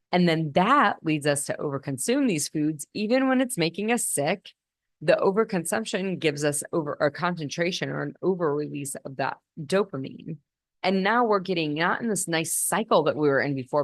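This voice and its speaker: A woman physician gives a teaching talk on nutrition in a low voice. She explains step by step and sometimes restarts a phrase. The sound is dry and close. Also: dry recording. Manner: explanatory, with frequent restarts and slow emphasis. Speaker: physician and podcast host.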